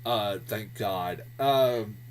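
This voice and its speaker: A man's voice: on the low side, extremely slow, recorded from a distance. A man giving a casual, profane movie review, sounding exasperated and often laughing. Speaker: film reviewer.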